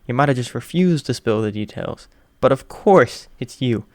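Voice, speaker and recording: A man's voice: medium pitch, animated, moderate pace, darkish tone, dry recording, natural voice. A man voicing a gushing, flirtatious adult heroine who squeals and dotes. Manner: squealing, doting, teasing.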